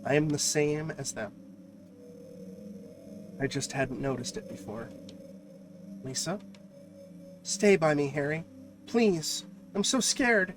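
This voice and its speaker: Man doing a scared young nurse, pleading, anxious, slightly high voice, music behind. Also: slow pace, long pauses. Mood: frightened. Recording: music playing clearly behind.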